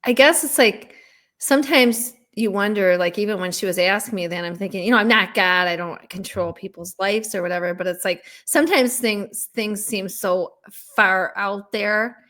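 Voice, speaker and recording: A woman's voice: medium pitch, normal speed, fairly bright tone. A woman guest psychic chatting casually, telling stories with many fillers. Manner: chatty, storytelling, filler-heavy. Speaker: guest psychic and podcast host. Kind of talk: casual conversational chat.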